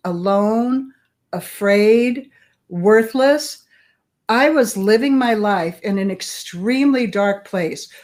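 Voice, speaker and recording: A middle-aged woman speaks as a guest in a conversational interview, frank and unfiltered as she recounts her own story. Her voice sits at an ordinary pitch for a woman. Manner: candid, frank, plain-spoken. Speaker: guest, bully prevention expert.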